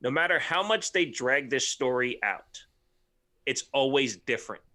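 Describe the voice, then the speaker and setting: A man's voice: mid-range voice, animated, normal speed, pushed and bright. A man co-hosting a casual wrestling podcast, laid-back and rambling, swearing casually. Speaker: podcast co-host.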